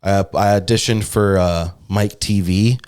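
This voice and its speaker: A man's voice: on the low side, fairly even intonation, measured pace, a little mellow, clear, resonant tone. A young man, a stand-up comic, chatting casually on a podcast, rambling and swearing, sometimes putting on voices. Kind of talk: casual chat.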